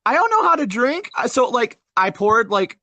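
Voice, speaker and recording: Animated young man telling stories. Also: very high-pitched, moderate pace. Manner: animated storyteller, swears. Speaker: podcast co-host. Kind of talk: casual podcast chat.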